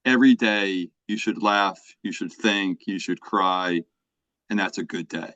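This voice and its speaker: A man's voice: low voice, unhurried, a bit bright, dry recording. A middle-aged man hosting a podcast, chatting casually, rambling with restarts and checking in with "right?". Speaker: podcast host. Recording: dry, slightly dull podcast mic.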